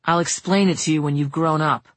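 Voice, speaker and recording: A woman voicing a calm, protective young man who speaks dryly and firmly in a storybook. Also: low voice, a little fast, no echo. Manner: calm, dry, firm.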